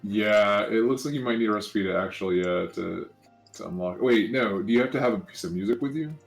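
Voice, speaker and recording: A man's voice: fairly low pitch, brisk, vocal fry, soft background music, low-quality recording. A man co-hosting a let's play with a slight lisp, chatting casually, rambling and correcting himself as he goes. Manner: rambling, self-correcting, joking. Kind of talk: casual gaming chat.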